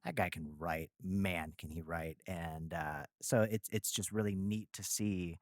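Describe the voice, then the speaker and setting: A man's voice: deep voice, fairly even intonation, measured pace, dry recording, clean studio sound. A Midwestern American man hosting a podcast, talking enthusiastically with lots of fillers and slang. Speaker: podcast host. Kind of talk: casual podcast chat.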